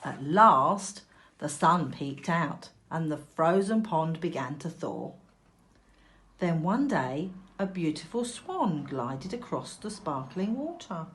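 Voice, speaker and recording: Woman teacher, storytime narrator, unhurried and expressive, lower pitch. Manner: slow, expressive, clear for children. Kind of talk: storybook reading aloud.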